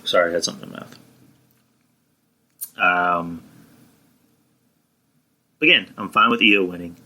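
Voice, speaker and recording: A man's voice: low-pitched, unhurried, pushed and bright, low-quality recording. A young man reviewing a wrestling show on his podcast, rambling and blunt, with frequent restarts, fillers and swearing. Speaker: podcast host.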